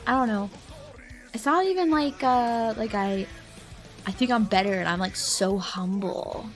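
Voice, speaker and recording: A woman's voice: a little high, expressive, a little slow, faint music behind. A young woman streamer chatting casually with viewers, rambling and reflective, with lots of "like" and "I don't know". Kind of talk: casual chat reading viewer comments.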